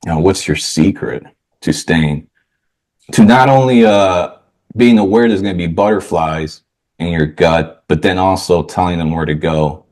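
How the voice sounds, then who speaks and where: A man with a low voice hosts a podcast in an easy, chatty way. He phrases his questions loosely and uses plenty of fillers. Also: unhurried, darkish tone. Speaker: podcast host. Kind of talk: casual interview chat.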